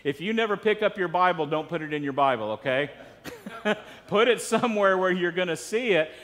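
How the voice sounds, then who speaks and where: A man's voice: sits high, animated, fairly quick, fairly bright tone, long reverb tail. A man preaching a sermon as pastor, earnest and conversational, with frequent asides to the congregation.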